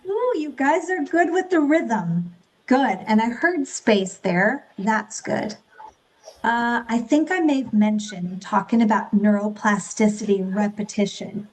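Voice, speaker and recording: A woman's voice: a little high, animated, measured pace, low-quality recording. A woman leading an online group speech class, encouraging her students as she coaches them through rhythm drills.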